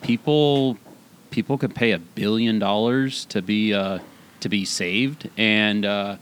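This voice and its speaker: A man's voice: lowish voice, steady tone, slow, fairly bright tone, slight background noise. A man co-hosting a podcast, rambling and incredulous in casual film chat. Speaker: podcast co-host.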